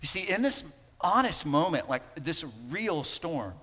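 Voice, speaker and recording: A man preaching a sermon as pastor, talking conversationally and swinging between emphatic lines and hushed ones. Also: a little high, very animated, measured pace, slightly rough, big-room sound. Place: church sanctuary.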